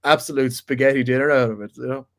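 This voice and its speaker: A man co-hosting a casual sports chat, talking in halting bursts full of restarts and banter. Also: mid-range voice, fairly even intonation, fairly bright tone. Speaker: podcast co-host.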